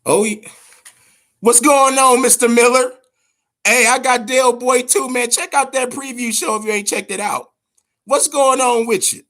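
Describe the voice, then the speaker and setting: Man, boxing show host, high voice, profane, rambling. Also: fairly even intonation, normal speed, bright, forceful tone. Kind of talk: casual boxing talk show.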